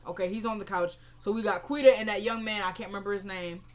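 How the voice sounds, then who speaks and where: A woman's voice: medium pitch, steady tone, fast. A woman talks through a TV episode in a casual, rambling way. She offers blunt opinions between retellings, with a mid-range voice. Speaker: TV episode recapper. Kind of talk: casual spoken recap.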